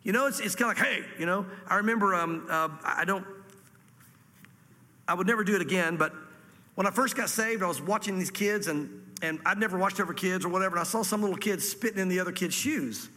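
A man preaching a sermon in church, reading scripture slowly and explaining it in a plain, earnest way. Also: high-pitched, sharp tone, long reverb tail. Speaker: pastor.

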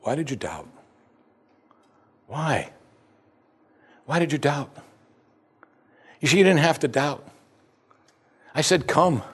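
A man's voice: on the high side, big pitch swings, takes it slowly, pauses often, fairly bright tone, husky. A man preaching a sermon, reading scripture aloud with dramatic emphasis. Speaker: pastor.

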